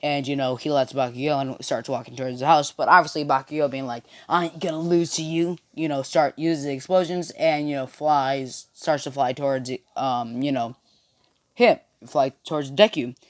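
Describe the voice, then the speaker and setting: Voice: mid-range voice, fairly even intonation, moderate pace, dry recording. Rambling young narrator, dry close sound. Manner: rambling, packed with "you know" fillers and restarts. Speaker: fan storyteller. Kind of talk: casual spoken fan-fiction retelling. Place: own bedroom with friends nearby.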